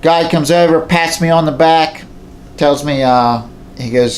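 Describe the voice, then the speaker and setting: A man's voice: fairly high pitch, level tone, normal speed, slight background noise. Folksy man telling a hunting story. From southwestern Pennsylvania. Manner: plainspoken, folksy, repeats himself. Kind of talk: casual storytelling to camera. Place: indoors at home beside a mounted moose.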